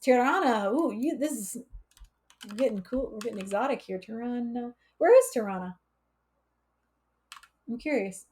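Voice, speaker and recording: A woman's voice: a little high, animated, moderate pace, long pauses, warm tone. A woman hosting a casual live coding stream, chatty and laughing often as she reads chat aloud. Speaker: livestream coding instructor.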